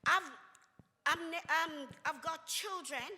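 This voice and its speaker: Older woman reverend, high and bright, emphatic preacher cadence, reverberant hall. Casting for a fiery community speech. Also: slow pace. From England. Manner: emphatic, preacherly, with exclamations and laughter. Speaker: reverend speaker. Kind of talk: impassioned speech at a community event.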